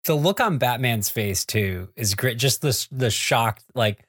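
A man's voice: medium pitch, lively intonation, measured pace, a bit bright, no room sound. Male co-host, jokey interjections and laughs, dry close sound. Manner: joking asides, laughs, swears casually. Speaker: podcast co-host. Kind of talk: casual comic book discussion.

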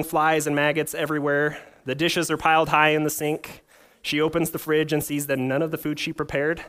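A man's voice: on the high side, fairly bright tone. A young adult man preaching a sermon, mixing scripture reading with a humorous personal story and rhetorical questions. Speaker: pastor.

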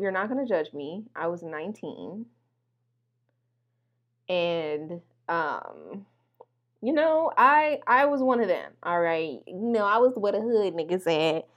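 Animated woman telling a story. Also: mid-range voice, dull audio. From Milwaukee. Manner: animated, profane, addresses listeners as y'all. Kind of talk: casual storytelling to camera.

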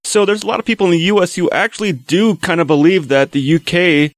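A man telling an animated story in a casual video-call chat. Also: high voice, fast talker, no room sound. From United States. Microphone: computer mic on a video call.

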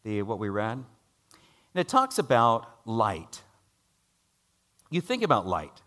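Middle-aged guy preaching, telling a story, gets loud then real quiet. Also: takes it slowly. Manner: storytelling, animated, rises loud for dialogue and drops low for worry. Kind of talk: sermon with a personal story.

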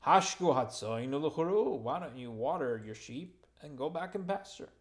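A man's voice: on the high side, animated, normal speed. A man giving a verse-by-verse Torah lesson, reading Hebrew phrases and translating them with informal asides and light humor. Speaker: Torah teacher.

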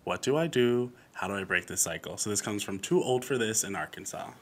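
A man co-hosting a podcast, reading listener letters quickly and laughing along in casual chat. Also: lowish voice, expressive.

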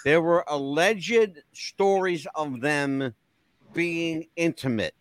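A man's voice: a little high, takes it slowly, no room sound. A male podcast host asking leading questions in a chatty way, careful with his wording. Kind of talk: casual interview.

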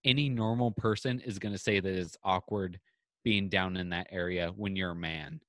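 A man's voice: low-pitched, moderate pace, dry recording. A man co-hosting a podcast, telling a story in casual chat and acting out both sides of the conversation. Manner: animated retelling with quoted back-and-forth. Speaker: podcast co-host. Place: home, on a video call.

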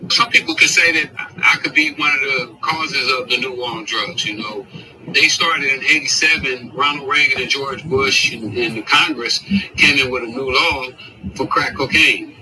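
A man's voice: medium pitch, normal speed, bright, forceful tone. Matter-of-fact man, noisy distant mic. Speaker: former drug dealer. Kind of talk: documentary interview.

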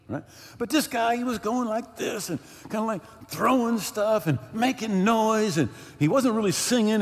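Male pastor, high and animated voice, chatty storytelling sermon, long church-hall reverb. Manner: storytelling, animated, many restarts and asides to the congregation. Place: church sanctuary.

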